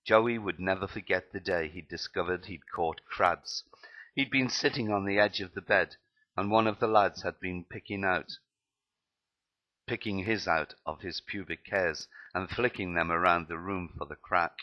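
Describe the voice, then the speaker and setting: Deep-voiced man reading his memoir aloud, plain delivery, lo-fi sound. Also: normal speed. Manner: plain reading with slips and restarts. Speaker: narrator.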